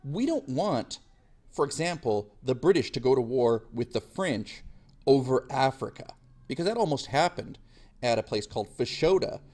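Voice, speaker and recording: A young man lectures on history in a relaxed, talky way. He leans on slang and sarcasm, and he slips into quick impressions of the people he quotes. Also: medium pitch. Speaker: history teacher. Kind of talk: casual classroom lecture.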